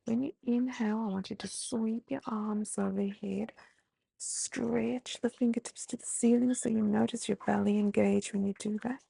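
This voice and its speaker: An Australian woman guides breathing and stretching as a mindfulness teacher, unhurried and gentle. Her voice is low-toned and mellow with heavy vocal fry and a rough, husky texture. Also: no echo. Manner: calm, slow, gently instructive. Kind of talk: guided movement and breathing instruction.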